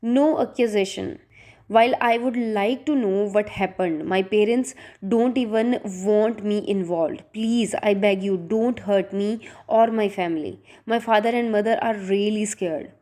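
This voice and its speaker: A woman reading the lines of a nervous, grieving young man who pleads softly and slowly, in an audiobook. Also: mid-range voice, natural voice. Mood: pleading. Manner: pleading, quiet and slow.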